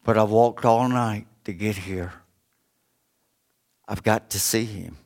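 A man voicing a weary, desperate poor pastor who pleads quietly in a low voice. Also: fairly even intonation, slow pace. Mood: pleading. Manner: pleading, subdued.

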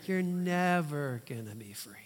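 A man voicing the enemy as a taunting male spirit, speaking slow, low accusations in a church. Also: lively intonation, a little hiss or hum.

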